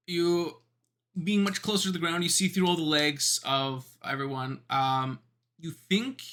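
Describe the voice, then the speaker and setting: A man narrating as game master of a tabletop game, halting and pausing with many ums. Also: on the high side, bright, forceful tone. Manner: hesitant, many ums and pauses.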